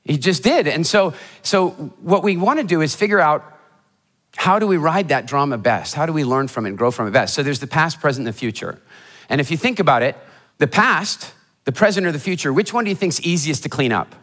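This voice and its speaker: A motivational speaker telling funny stories in a keynote talk before a live audience, animated and acting out the voices of people in his stories. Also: fairly high pitch, fairly quick. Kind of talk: humorous storytelling keynote talk. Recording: hall reverb of a live talk.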